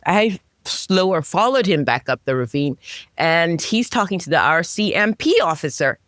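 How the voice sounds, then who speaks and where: A woman with a fairly low speaking voice recounts a personal story as a podcast guest. She tells it animatedly, leaping upward in pitch on key moments and restarting her sentences often. The sound is dry, with no room echo. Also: lively intonation, moderate pace, a bit bright. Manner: frequent restarts and self-corrections.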